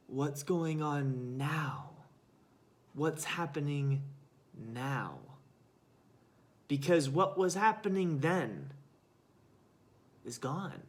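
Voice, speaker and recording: Slow, earnest male motivational speaker. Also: on the high side. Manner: earnest, emphatic repetition. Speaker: life coach. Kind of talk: live-stream motivational talk.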